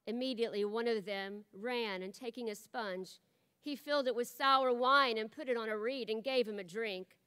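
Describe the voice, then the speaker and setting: A woman giving an expressive reading of scripture in church, her voice rising for the quoted cries. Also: a little high, moderate pace, clean tone. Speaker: scripture reader. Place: large church hall. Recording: long hall reverb.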